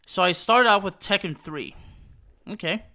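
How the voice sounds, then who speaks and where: With a high voice, a sharp tone, and normal speed, a young man from Texas hosts a podcast. He wanders casually through nostalgic memories, full of fillers and restarts.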